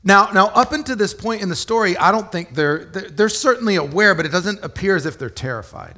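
A man gives a sermon in a relaxed, conversational way. He explains the scripture plainly and often turns to the listeners with rhetorical questions. His voice sits fairly high for a man. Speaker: pastor.

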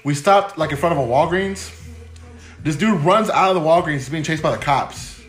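A man spins a profane, animated story in casual chat, laughing as he talks. His voice is high, and the room gives it a clear echo. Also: normal speed, soft background music.

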